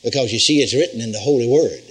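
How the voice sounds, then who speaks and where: An older man preaching a sermon in a folksy, animated teaching manner, repeating phrases for emphasis. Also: mid-range voice, quick pace, breathy edge, low-quality recording. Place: church healing school.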